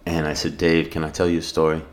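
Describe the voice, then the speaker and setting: A middle-aged South African man, a podcast guest, tells a personal story in casual conversation, earnest and reflective, with many fillers and restarts. His voice is a low rumble, and he speaks at a quick pace with a completely flat delivery.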